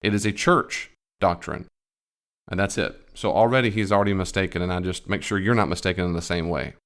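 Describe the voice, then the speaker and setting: Low-voiced man correcting a video. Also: brisk, fairly bright tone. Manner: explanatory, corrects firmly, laughs at claims. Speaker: theology commentator reacting to a video. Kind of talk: reaction commentary.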